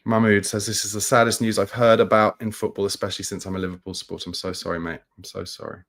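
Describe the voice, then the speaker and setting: A man hosting a football livestream, speaking in a somber, halting way with many restarts as he reads and answers viewer comments. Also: fairly low pitch, little pitch movement, a bit bright. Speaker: football channel host. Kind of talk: live-stream chat reading viewer comments.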